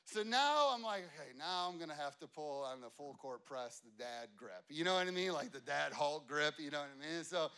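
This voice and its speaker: Animated bright-voiced man telling a story. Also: a little high, a little fast, hardly any pauses, smooth. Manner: animated, rambling, many fillers and asides. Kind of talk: casual storytelling to an audience.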